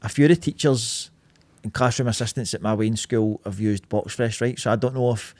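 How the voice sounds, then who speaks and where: Fast-talking Scottish man telling a story. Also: medium pitch, no room sound. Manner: animated storytelling, swears freely. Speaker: podcast co-host. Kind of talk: casual chat.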